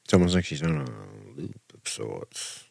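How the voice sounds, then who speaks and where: A man co-hosting a casual podcast, recapping a show in a dry, deadpan way with casual swearing. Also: low voice, unhurried, gravelly, breathy edge, dry recording. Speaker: podcast co-host.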